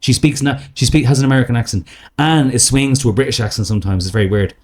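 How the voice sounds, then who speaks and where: A middle-aged Irish man, a podcast guest, talking in a rambling, animated way, often checking in with "right?" and "you know". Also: mid-range voice, fast talker. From Ireland. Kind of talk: casual podcast chat.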